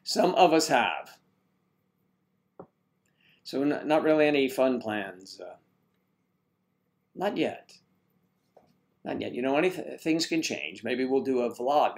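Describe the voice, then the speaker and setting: A man's voice: medium pitch, lively intonation, moderate pace, a little mellow. A man hosting a casual live stream, rambling and joking as he greets viewers and reads their comments aloud.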